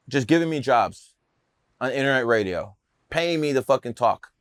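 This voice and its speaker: A man's voice: mid-range voice, animated, moderate pace, no room sound. A man telling stories about his numerology career in a brash, profane, boastful way on a podcast. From Cleveland area, USA. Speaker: numerologist guest. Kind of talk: casual podcast storytelling.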